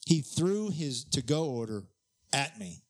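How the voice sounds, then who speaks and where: A man's voice: medium pitch, expressive, unhurried, darkish tone. A man in casual chat who laughs often and acts out the people he quotes.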